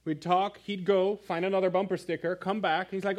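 A man preaching a sermon in church, telling a story with animated asides to the congregation. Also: high voice, fairly quick. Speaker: pastor.

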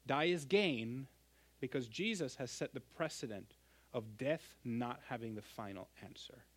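A middle-aged man pastor preaching a sermon, earnest and emphatic, swinging from loud stresses to hushed endings. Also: mid-range voice, lively intonation, unhurried, husky.

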